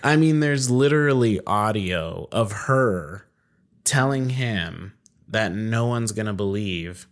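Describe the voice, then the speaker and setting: A man chatting casually, joking around in a relaxed way. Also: fairly low pitch, takes it slowly. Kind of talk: casual chat.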